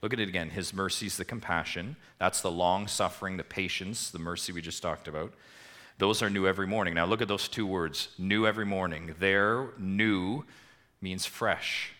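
A man preaching a sermon to his church congregation, asking rhetorical questions and swinging between emphatic swells and quiet drops. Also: low-pitched, steady tone, normal speed. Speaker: pastor.

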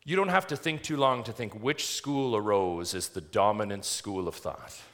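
A male pastor preaching a sermon, reading scripture slowly and putting rhetorical questions to the congregation. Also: fairly low pitch, fairly bright tone. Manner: reads scripture aloud slowly and deliberately.

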